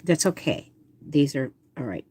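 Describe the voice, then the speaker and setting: A woman's voice: low voice, expressive, measured pace, darkish tone, breathy edge. An older woman artist who chats casually and talks to herself while she demonstrates drawing.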